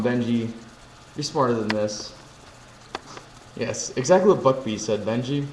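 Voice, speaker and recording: A man's voice: medium pitch, expressive, moderate pace, pauses often, darkish tone. A man hosting a live stream, chatting casually with viewers, joking and reading chat messages aloud. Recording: echoey room with faint ambient noise.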